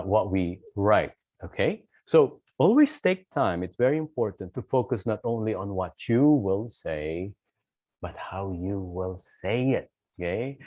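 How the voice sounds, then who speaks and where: Low-voiced man giving a lecture. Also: a little mellow, dry recording. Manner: explains step by step, often checks in with "okay?". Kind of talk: recorded lecture on office communication.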